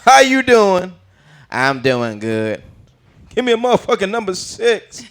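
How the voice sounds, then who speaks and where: A man putting on a brash, foul-mouthed grown-up comedian voice, loud and profane. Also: high voice, big pitch swings, measured pace, voice pushed up, full character voice.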